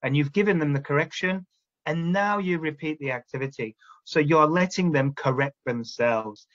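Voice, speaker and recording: Explaining classroom steps to teachers, a man keeps checking understanding with "all right?". His voice is on the high side and fairly bright, at a moderate pace, though the recording's highs are cut off.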